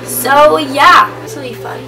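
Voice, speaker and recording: A woman's voice: high voice, unhurried, far from the mic, loud music behind the voice. A young woman, a YouTuber chatting casually and giggly. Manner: giggly, breaks into laughter. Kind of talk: casual chat.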